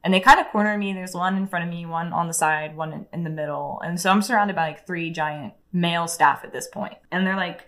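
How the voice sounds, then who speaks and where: A woman's voice: fairly low pitch, quick pace, few pauses, fairly bright tone. A young woman telling her story as an interview guest, in a candid, casual way with frequent swearing and lots of "like". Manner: candid, profane, heavy use of "like".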